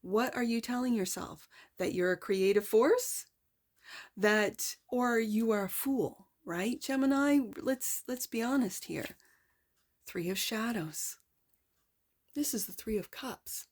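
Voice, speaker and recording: Tarot reader, woman, slightly high voice, playful and exclamatory, sometimes going hushed. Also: slow pace. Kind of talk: tarot reading.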